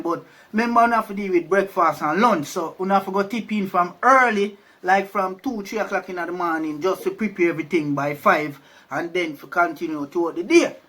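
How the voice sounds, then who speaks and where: Jamaican male storyteller, high pitched, loose and conversational. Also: a little fast, fairly bright tone. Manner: chatty, keeps asking "you see me?". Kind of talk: casual storytelling.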